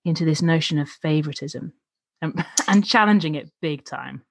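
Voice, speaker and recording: A woman's voice: low voice, moderate pace, creaky. A woman co-hosting a casual Bible study discussion, thoughtful and affirming, often checking in with tag questions. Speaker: co-host discussing a Bible passage.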